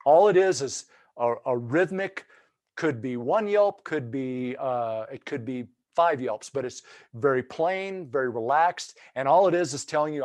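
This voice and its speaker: A man's voice: mid-range voice, a little slow, darkish tone, no echo. A man giving a webinar lesson on turkey hunting, explaining calls in a folksy, loose way with many restarts.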